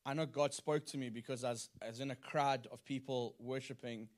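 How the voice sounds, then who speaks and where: A man's voice: medium pitch, fairly even intonation, a little fast. A man on a church panel, sharing his calling in an earnest, talkative way. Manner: earnest, retells with acted quotes. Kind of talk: testimony in a panel discussion.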